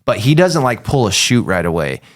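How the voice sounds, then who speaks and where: A man's voice: lowish voice, very animated, normal speed. A man narrating as game master in a chatty way, full of fillers. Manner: chatty, lots of "like" and "um".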